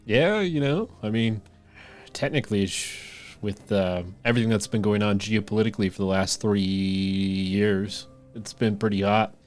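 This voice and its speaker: A man co-hosting a podcast, talking in a relaxed, rambling way with lots of fillers. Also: on the low side, moderate pace, faint music behind. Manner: laid-back, rambling, many fillers. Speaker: podcast co-host. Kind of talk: casual banter.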